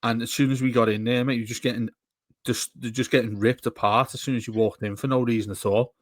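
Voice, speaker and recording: A man's voice: mid-range voice, steady tone, fast talker, no echo, studio quality. A man co-hosting a football fan podcast, talking in a rambling, casual way with frequent restarts. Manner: rambling, restarts often, laughs while talking. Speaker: podcast co-host. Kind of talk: casual chat.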